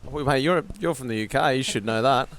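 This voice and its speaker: A man's voice: medium pitch, a little fast, a bit bright, a little hiss or hum. An Australian man hosting a podcast, chatting casually and matily with riding companions outdoors on a bike trip. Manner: chatty, matey banter. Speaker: podcast host. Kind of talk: casual on-the-road chat.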